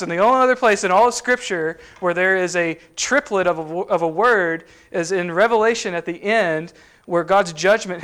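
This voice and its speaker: A man's voice: sits high, fairly bright tone, smooth. A man teaching a sermon in a conversational way, with frequent fillers and restarts. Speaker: preacher.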